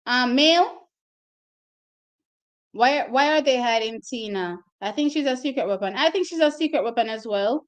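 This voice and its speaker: A woman's voice: sits high, lively intonation, moderate pace. A woman hosting her own track and field channel, talking casually and directly to her viewers about race results, openly emotional as she goes.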